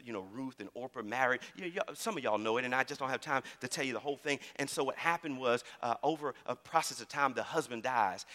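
A man preaching a sermon in a church, calling out to the congregation and repeating phrases as he builds to shouts. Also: mid-range voice, big-room sound. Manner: call-and-response preaching, repeats words, rising to shouts. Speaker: pastor.

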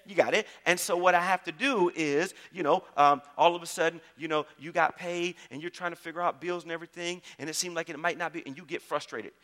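A man's voice: on the high side, fairly even intonation, quick pace, few pauses, a bit bright. A male pastor preaching a sermon in a church, emphatic, often checking in with the congregation and repeating key phrases. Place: church sanctuary. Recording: long reverb of a large hall.

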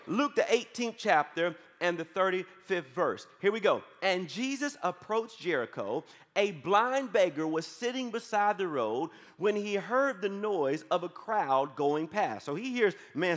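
Male pastor, animated call-and-response sermon, high voice, ringing hall. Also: moderate pace. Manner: lively, call-and-response preaching. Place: church sanctuary. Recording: long reverb of a church hall.

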